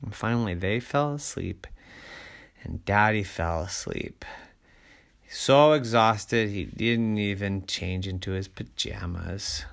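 A man narrating a bedtime story to children in a slow, animated way. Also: fairly low pitch, creaky.

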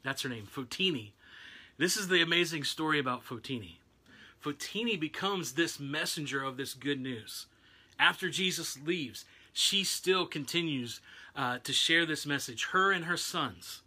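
A man's voice: a little high, animated, normal speed, bright, forceful tone, slightly rough. A man giving a casual, conversational sermon, retelling a Bible story with loose restarts. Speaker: preacher.

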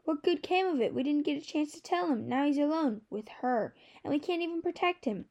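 Woman reading a spluttering, agitated young prince; mellow, high. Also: lively intonation, fairly quick, highs cut off. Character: indignant young prince, spluttering twin brother.

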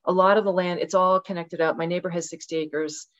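An older woman speaks in a somewhat low voice, telling stories with passion and putting on voices when she quotes people. The sound is a little dull and lo-fi, like a video call. It is a relaxed, conversational interview. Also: a little fast. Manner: passionate, animated storytelling with dramatic acted-out quotes. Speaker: podcast guest. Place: rural home with dogs.

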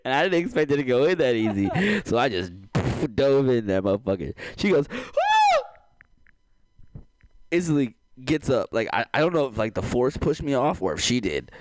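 A young adult man co-hosting a podcast, telling crude stories in an animated way and laughing often. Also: mid-range voice, a little fast, hardly any pauses, slight background noise. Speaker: podcast co-host. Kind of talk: casual chat.

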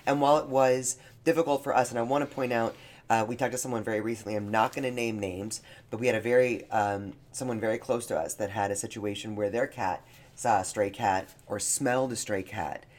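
A man's voice: lowish voice, fairly even intonation, brisk. A man co-hosting a podcast in casual chat, speaking in an earnest, heartfelt way. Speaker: podcast co-host.

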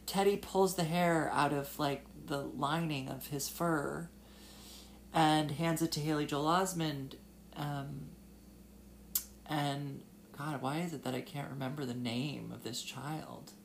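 A young woman hosting a solo casual talk, halting and filler-heavy, and tearful as she talks. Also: sits low, steady tone, gravelly, slight background noise. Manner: halting, with many fillers and restarts. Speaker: podcast host.

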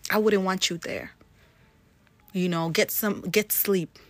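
A woman's voice: medium pitch, fairly even intonation, slow, no echo. A woman vlogger giving casual, earnest advice to her viewers, chatty and full of "you know" and "like" fillers. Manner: earnest and encouraging.

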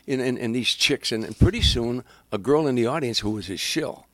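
A man's voice: mid-range voice, a little fast, no echo. An older man, a comedian, telling show-business stories in casual conversation and acting out the people in them. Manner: animated, acts out voices, frequent restarts. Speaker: guest comedian. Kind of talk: casual anecdotal storytelling.

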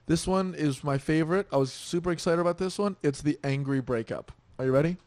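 A man's voice: a little high, fairly quick, darkish tone, no echo. A young man co-hosting a podcast, chatting casually, laughing and swearing a lot. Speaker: podcast co-host. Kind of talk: casual chat.

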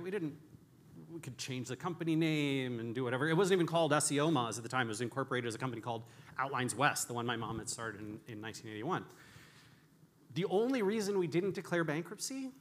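Bright-voiced man giving a candid talk. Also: medium pitch. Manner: candid, self-deprecating, with frequent restarts. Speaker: conference speaker. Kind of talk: storytelling keynote talk.

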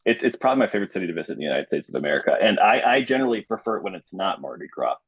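A young man from Illinois talks as a podcast guest, husky and a little low. He tells his story with animation, in casual chat. The recording is slightly muffled and dry. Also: racing, no echo. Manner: animated, acts out quoted voices.

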